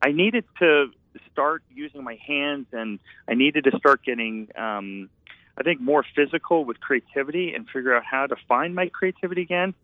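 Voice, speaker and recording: A man's voice: mid-range voice, moderate pace, no echo. A man, once an architect and now a painter, tells his story earnestly, circling back and restarting his sentences. His mid-range voice comes through thin and tinny, like a phone call, with a dry close sound. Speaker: guest, painter and former architect. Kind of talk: reflective storytelling.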